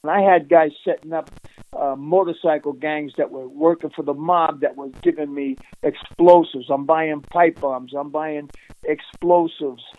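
A man being interviewed, telling an animated, streetwise story with frequent laughs and restarts. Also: a little high, measured pace, dry recording, low-quality recording. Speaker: interviewee recounting undercover work.

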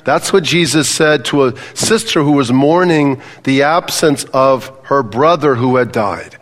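Older pastor preaching in a reverberant hall. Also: male voice, medium pitch, unhurried. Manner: conversational, questioning the audience. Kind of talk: sermon. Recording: long reverb of a large hall.

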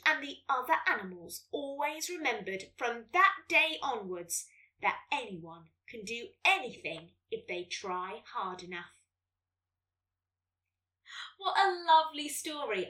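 A woman, hosting a children's podcast and reading a story in a gentle, lively way. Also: on the high side, distant mic.

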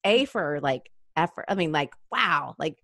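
Chatty laughing mom, dry mic. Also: female voice, deep voice, animated, a little slow, creaky, fairly bright tone, dry recording. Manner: chatty, laughs often, self-deprecating. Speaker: podcast guest, mom. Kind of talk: casual interview chat.

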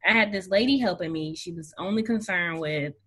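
A bride chatting with laughter. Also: female voice, on the low side, fairly quick, a bit bright, slightly rough. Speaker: interview guest, bride. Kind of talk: casual conversation.

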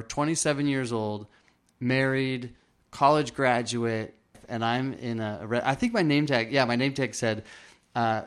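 A man's voice: mid-range voice, a bit bright, clean tone. Earnest man retelling a story. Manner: earnest, acts out quoted dialogue; frequent restarts and fillers. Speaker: interview guest. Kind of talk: personal storytelling.

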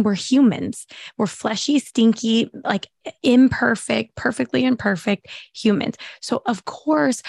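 A woman's voice: medium pitch, gravelly, a little mellow, no room sound. Woman podcast host, enthusiastic and affirming, casual chat, dry close sound. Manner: enthusiastic, affirming, many "like" fillers.

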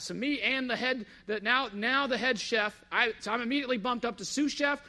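A man tells a story from his past in a casual, lively way and slips into the voices of the people he quotes. His voice sits high, with a strong gravelly fry and a bright, edgy tone. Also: moderate pace. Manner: animated, acts out quoted dialogue. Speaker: speaker telling a personal story.

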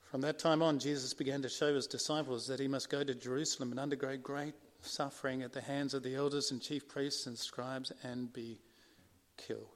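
In a mid-range voice with little pitch movement, a man delivers a brisk, earnest sermon and reads from scripture. He rises to emphatic points and drops to hushed ones.

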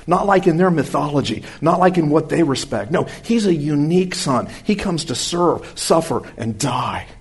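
A man giving a conversational sermon-style Bible lesson, folksy and animated, who swings between brisk asides and slow, quiet emphasis. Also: a little high, husky. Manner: folksy, animated, uses homespun comparisons. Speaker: Bible teacher.

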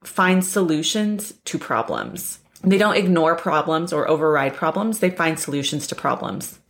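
A woman hosting a self-help podcast in an earnest monologue full of repeated rhetorical questions. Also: fairly low pitch. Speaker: podcast host.

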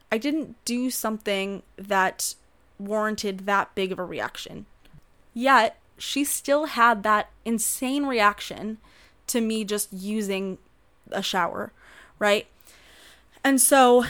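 A woman's voice: mid-range voice, fairly bright tone, smooth. Chatty woman podcast host. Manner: chatty and upbeat, laughs often. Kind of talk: casual storytelling to listeners.

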